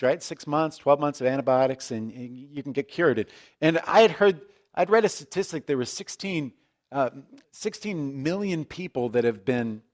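A male pastor gives a casual, chatty sermon with a fairly high voice. He drifts into asides and jokes with the congregation, restarting sentences as he goes. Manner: conversational, self-deprecating, frequent restarts and asides.

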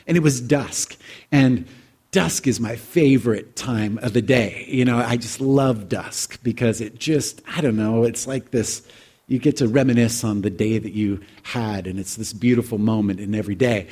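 A man's voice: medium pitch, moderate pace, a little mellow. Reflective man in his forties. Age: 40s. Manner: reflective, heartfelt, conversational. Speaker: speaker addressing an audience. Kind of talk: personal storytelling talk.

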